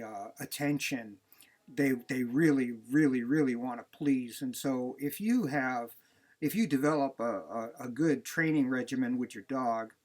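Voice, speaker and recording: A man's voice: medium pitch, darkish tone. A man, a dog breeder, giving plain-spoken, conversational advice in a casual talk.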